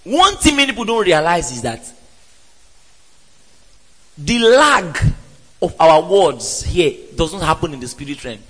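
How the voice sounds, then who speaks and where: Emphatic preacher with reverb. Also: male voice, a little high, big pitch swings, unhurried, long pauses, fairly bright tone, husky. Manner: emphatic, with sudden exclamations and rhetorical questions. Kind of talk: sermon. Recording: reverberant hall.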